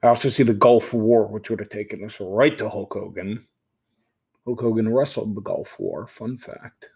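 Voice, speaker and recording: A man hosting a show, casually talking himself through a game, swinging between loud outbursts and quiet muttering. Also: lowish voice, moderate pace, slightly rough. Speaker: podcast host. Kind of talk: casual live commentary while playing a game.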